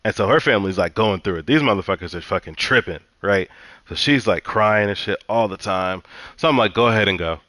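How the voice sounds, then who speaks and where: Low-voiced man venting, dry and close. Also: lively intonation, a little fast, sharp tone, no echo. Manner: profane, heated, repetitive storytelling. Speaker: vlogger telling a personal story. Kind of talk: casual venting monologue.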